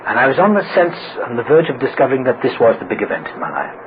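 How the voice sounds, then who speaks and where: A man's voice: mid-range voice, very fast. A middle-aged man speaking at a recovery meeting, telling his own story with humor and acting out the voices of people he quotes. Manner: animated, acts out quoted voices. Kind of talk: humorous personal storytelling talk. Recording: tinny phone-like old recording with hiss.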